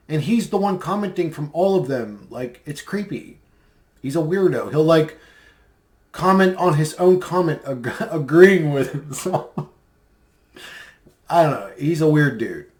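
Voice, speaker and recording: A man's voice: fairly high pitch, darkish tone. A man in a casual commentary vlog, rambling and mocking, with many fillers as he replies to comments. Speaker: video creator replying to comments.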